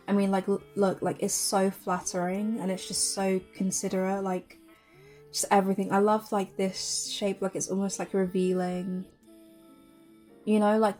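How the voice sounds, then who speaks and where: A woman's voice: mid-range voice, darkish tone. A young woman vlogger chatting casually and gushing over runway looks, full of fillers. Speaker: fashion vlogger.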